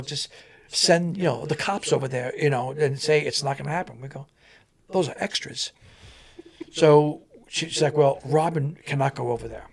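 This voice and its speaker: A man, a stuntman guest, telling animated on-set stories and acting out the voices of the people in them. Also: medium pitch, gravelly, husky. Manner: animated, acts out voices in anecdotes. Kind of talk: animated storytelling.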